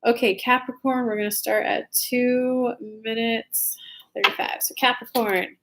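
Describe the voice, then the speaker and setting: A woman's voice: fairly high pitch, steady tone, a little slow, a bit bright. A young woman doing a casual, chatty tarot reading livestream from home, talking loosely and informally to her viewers. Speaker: tarot reader. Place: home room with soft lighting.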